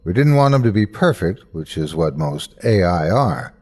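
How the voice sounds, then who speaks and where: A man's voice: low-pitched, sing-song, moderate pace, a little mellow. A man narrating a scripted horror story in first person, tense and breathless in the scary parts.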